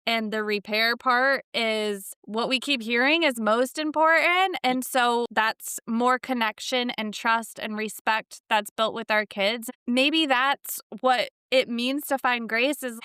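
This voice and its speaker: A woman's voice: a little high, fairly even intonation, a little slow, few pauses, bright, forceful tone, smooth, no room sound, clean studio sound. A woman co-hosting a podcast, speaking in a reflective and encouraging way. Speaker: podcast co-host. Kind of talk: casual chat.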